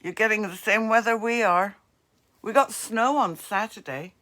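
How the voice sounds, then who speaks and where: A woman's voice: medium pitch, moderate pace, a bit bright. A woman with a New Jersey accent, hosting a crafts livestream and chatting casually with viewers in the comments. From northeastern US. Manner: chatty, friendly asides to commenters.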